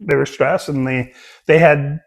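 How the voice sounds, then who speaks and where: A middle-aged man co-hosting a casual podcast, his voice pitched a little high for a man. He is jokey and laughs often, then turns reflective when he talks about being a father. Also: fairly even intonation, a little slow, creaky. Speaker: podcast co-host. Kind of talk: casual chat.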